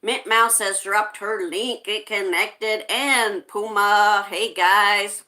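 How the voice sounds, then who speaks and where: A woman's voice: mid-range voice, fairly even intonation, slow, pushed and bright. A woman hosting a casual livestream, reading viewer comments aloud and greeting people in a friendly way. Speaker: livestream host reading chat.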